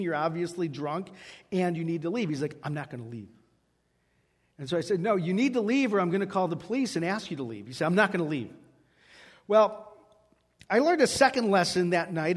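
A man with a high voice preaches in a sanctuary, and his words ring on in the long reverb of the hall. He tells stories animatedly and acts out each exchange before turning to scripture. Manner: animated storyteller acting out dialogue. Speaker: pastor. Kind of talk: sermon with storytelling.

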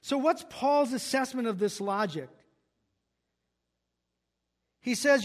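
A man's voice: extremely high pitch, animated, moderate pace. A pastor preaching an earnest expository sermon, often restarting and repeating words as he works through a passage.

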